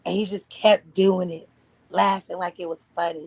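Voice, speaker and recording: A woman ranting bluntly and profanely on a livestream from home, often mimicking others in a high voice. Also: little pitch movement, normal speed, gravelly, a little mellow, husky, dry recording, rough recording. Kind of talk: casual livestream rant. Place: at home, partner asleep beside her.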